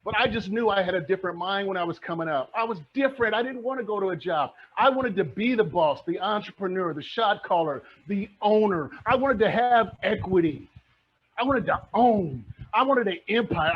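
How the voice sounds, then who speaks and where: A man's voice: sits high, slight background noise. A middle-aged man giving a fiery, passionate real estate presentation, repeating lines for emphasis. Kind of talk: energetic motivational talk. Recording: dull lo-fi recording.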